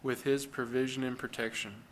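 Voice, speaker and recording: A man's voice: medium pitch, flat delivery, normal speed, slight background noise. Earnest male pastor preaching conversationally. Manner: asks the congregation rhetorical questions; earnest, plain-spoken preaching. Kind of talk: conversational sermon.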